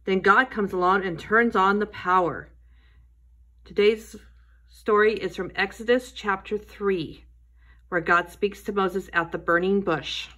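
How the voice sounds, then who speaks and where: A woman teaching a Sunday school lesson, telling a Bible story to children in a gentle storytelling way. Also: medium pitch, fairly even intonation, measured pace.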